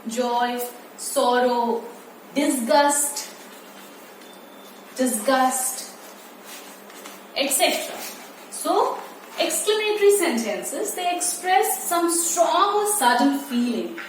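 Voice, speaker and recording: Woman teacher going over grammar, high voice, far off in a very echoey room, faint noise behind. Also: sing-song. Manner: slow, repetitive, stretching key words. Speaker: primary school English teacher. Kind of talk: online class lecture.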